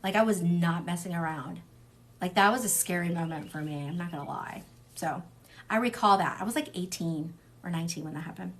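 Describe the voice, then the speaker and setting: A woman's voice: fairly low pitch, brisk. Chatty young woman reading tarot. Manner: chatty, wanders off on tangents; blunt and salty, swears freely. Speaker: tarot reader. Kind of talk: casual tarot reading livestream.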